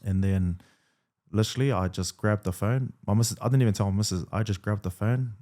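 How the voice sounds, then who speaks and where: Deep-voiced man telling a laid-back story. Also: a little fast. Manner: relaxed, lots of fillers and quoted dialogue. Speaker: guest rugby league player. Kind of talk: casual storytelling interview.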